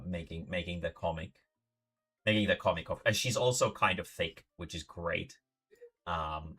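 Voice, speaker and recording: A man's voice: sits low, sharp tone. A man casually reacting to a video on stream, rambling with many fillers and frequent swearing. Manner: rambling, hesitant, swears a lot.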